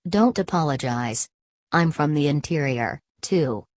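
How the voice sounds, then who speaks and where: A woman reading an ancient, weary ghostly hunter for an audiobook. The voice sits low and steady, and the reading is calm and measured. The recording is close and dry. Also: no room sound. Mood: solemn.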